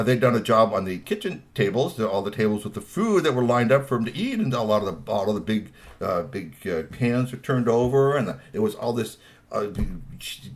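A man telling a children's story in a playful, animated way, with lots of asides. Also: on the low side.

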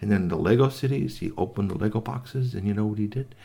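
A man telling a made-up bedtime story to children, gentle and animated, adding sound effects and voices. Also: lowish voice, quick pace, gravelly.

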